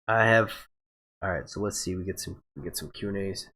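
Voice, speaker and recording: Streaming live, this young host has a low-pitched, pushed, bright voice. He's hyped and swears freely in casual chat, pushing viewers to hit like while he stutters, halts, and restarts his sentences.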